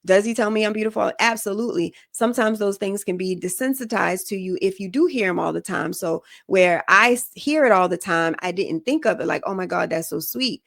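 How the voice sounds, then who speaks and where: A woman's voice: mid-range voice, fairly quick, creaky, hardly any pauses, fairly bright tone, no echo, studio quality. A woman hosting a podcast, giving relationship advice in a frank, casual way and often checking that listeners follow her. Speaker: podcast host.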